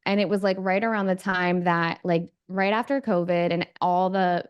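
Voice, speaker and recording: A woman on a podcast telling a story in a chatty way, with quick asides. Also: fairly low pitch, steady tone, clear, resonant tone, muffled recording. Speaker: podcast co-host. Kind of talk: casual podcast chat.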